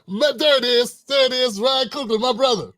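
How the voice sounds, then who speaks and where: Animated, high-voiced middle-aged male host. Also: normal speed, no room sound, clean studio sound. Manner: animated, slangy, joking. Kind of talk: livestream commentary.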